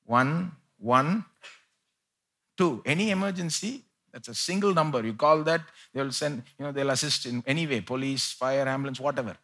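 A male pastor preaching a live church sermon, swinging between loud pleading and quiet asides. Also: medium pitch, moderate pace. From India.

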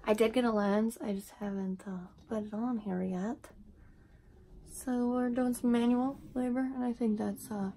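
A woman's voice: a little high, steady tone, measured pace, dark tone, slight background noise. A woman vlogger chatting casually through a makeup tutorial, rambling with self-deprecating asides, filmed at home on a tripod camera.

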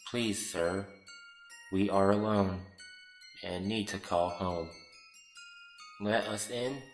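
A man voicing an eerie young girl who speaks in a flat, mechanical monotone, each word separate. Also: lowish voice, takes it slowly, roomy sound, faint music behind, voice pushed up. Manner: flat, word-by-word robotic delivery.

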